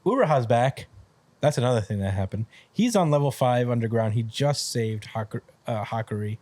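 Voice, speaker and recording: A man's voice: medium pitch, animated, moderate pace, darkish tone, no echo. A man co-hosting a podcast, casually recapping a manga chapter in a rambling, filler-heavy way. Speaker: podcast co-host.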